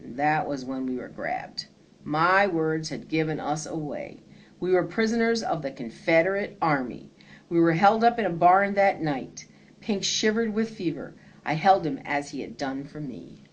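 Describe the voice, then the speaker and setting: A woman reads a children's picture book aloud, earnest and expressive. Her voice sits slightly low for a woman. She tells the story steadily, letting each line carry its meaning. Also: unhurried. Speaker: reader.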